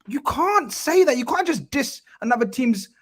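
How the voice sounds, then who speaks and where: A man's voice: very high-pitched, very animated, normal speed, fairly bright tone. A man with a London accent arguing his side hard in a casual football debate. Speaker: podcast panelist.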